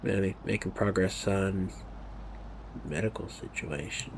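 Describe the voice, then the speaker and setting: A man's voice: low voice, slow pace, background noise. A man giving rambling, casual commentary over gameplay, sometimes dropping to a near whisper. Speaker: gaming video creator.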